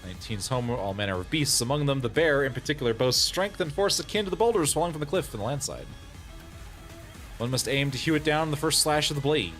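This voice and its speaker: Male streamer, casual gaming commentary, animated pitch, laughs a lot, faint music behind. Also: fast. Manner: chatty, laughs often, reads game text aloud.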